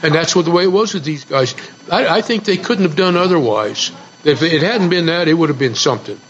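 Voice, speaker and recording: Man, radio panelist, folksy storyteller, slightly high voice, dull broadcast sound with faint hiss. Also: animated, fairly quick. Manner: folksy storyteller who retells old fables and reads aloud from journals. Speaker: co-host and regular panelist. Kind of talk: radio talk show discussion.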